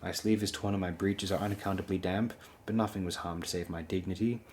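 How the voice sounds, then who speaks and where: A man's voice: low voice, steady tone, fairly quick, a little hiss or hum, natural voice. A man voicing a wry, sardonic dwarf lord in a dry, courtly manner.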